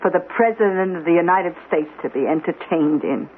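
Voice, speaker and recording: A man's voice: on the high side, a little fast, lightly acted. An actor playing a blunt, grim man. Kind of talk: 1970s radio drama acting. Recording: tinny old radio broadcast with hiss.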